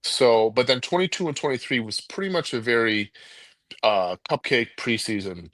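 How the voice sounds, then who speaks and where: A man's voice: medium pitch, moderate pace, a bit bright, dry recording. A man co-hosting a sports call-in show, talking casually and rambling with many restarts and laughs.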